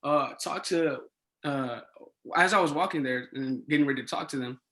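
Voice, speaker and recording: Bright, animated young man telling a story. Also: mid-range voice, moderate pace. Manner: animated, swings into excited quoted dialogue. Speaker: podcast guest, resident assistant. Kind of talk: casual storytelling.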